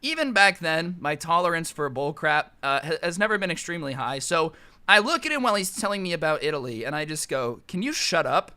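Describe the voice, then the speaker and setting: Animated sarcastic young American man. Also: fairly high pitch, clear, resonant tone. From United States. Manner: animated, sarcastic, quick asides. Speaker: storytime YouTuber. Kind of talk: comedic storytime monologue.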